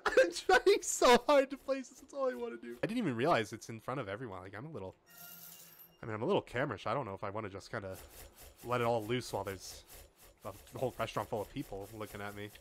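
Animated joking male streamer. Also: fairly low pitch, very fast, a little hiss or hum. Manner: joking, animated, laughs often, lots of fillers. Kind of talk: casual gameplay commentary.

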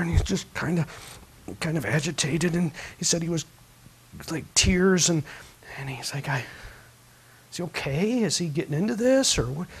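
A man preaching a sermon as pastor, telling a story that swings from hushed to loud. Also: fairly high pitch, slightly rough, low-quality recording.

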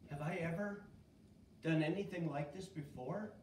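A man's voice: a little high, moderate pace, voice pushed down, natural voice. A man voicing a patient, talking male donkey in a kids' Bible story. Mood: pleading. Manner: calm, pleading. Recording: echoey room, far from mic.

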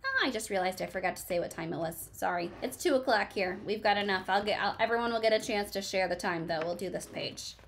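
A woman's voice: medium pitch, fast talker, few pauses, a bit bright, a little hiss or hum. A woman teacher reading a picture book aloud to a class, asking questions and encouraging children by name.

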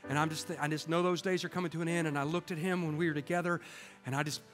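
Pastor, 50s, higher voice, chatty storytelling sermon, church hall reverb, faint music underneath. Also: male voice, little pitch movement. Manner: conversational storytelling with quick asides to the congregation. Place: church sanctuary. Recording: live church sound with long reverb and soft music.

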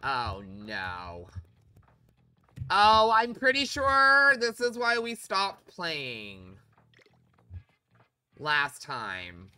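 A woman's voice: on the low side, huge pitch swings, drawn-out words, pauses often, bright, forceful tone, smooth. A woman streaming a game, talking in a frustrated, swearing, exasperated way. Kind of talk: live game stream commentary.

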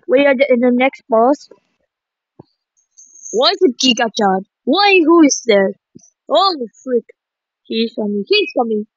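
A woman giving excitable gameplay commentary, full of sudden exclamations. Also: fairly high pitch, unhurried, long pauses, dry recording. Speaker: gaming streamer. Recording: slightly dull lo-fi mic.

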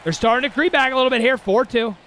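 A man's voice: very high-pitched, fast, fairly bright tone, a little hiss or hum. A young man commentating his own baseball video game play, exasperated and talking to himself and his viewers in bursts of frustration. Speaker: gaming channel host. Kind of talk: live gameplay commentary.

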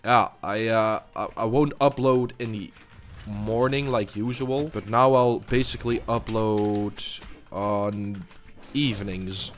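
A young man giving gameplay commentary, swearing and trash-talking opponents, muttering between loud outbursts. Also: medium pitch, a little slow, faint music behind. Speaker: gaming YouTuber.

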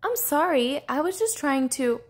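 A woman's voice: sits high, lively intonation, moderate pace, voice pushed up. A woman voicing a very young, eager little male fish in a storybook. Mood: sad.

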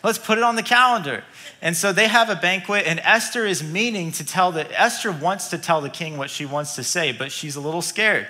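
A male pastor preaching a sermon in a church, telling a story in a lively way with chuckling asides. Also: on the high side, a little fast, hardly any pauses. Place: church auditorium.

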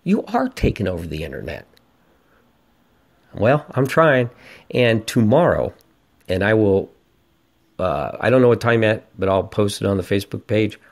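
Brief: man in his 40s, lowish voice, profane ranting podcast host, casual storytelling. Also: very animated, moderate pace, gravelly, long pauses, darkish tone. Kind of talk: casual monologue.

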